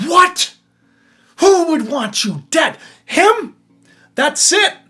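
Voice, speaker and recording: A man voicing a furious male king who shouts in outrage while retelling a Bible story. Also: extremely high pitch, sing-song, drawn-out words, soft background music, voice pushed up, exaggerated voice.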